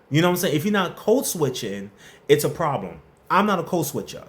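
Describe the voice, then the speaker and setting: A man hosting a relaxed advice livestream, his voice sitting a little high and swinging widely in pitch. He talks in a loose, playful, slangy way, reading viewer questions and welcoming people in the chat by name. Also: moderate pace. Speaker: host of a workplace advice livestream. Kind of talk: casual live-stream chat answering viewer questions.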